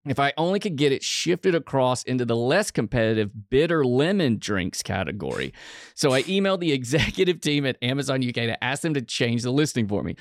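Guy reading a story out on a comedy podcast, keeps cracking up, mid pitch, super dry close mic. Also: very animated, fairly quick, no room sound. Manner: chuckles through his reading. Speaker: podcast co-host.

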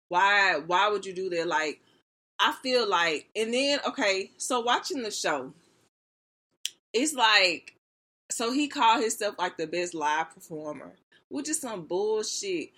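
A woman vlogger in a casual gossip rant, animated and expressive, full of slang and fillers. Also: mid-range voice.

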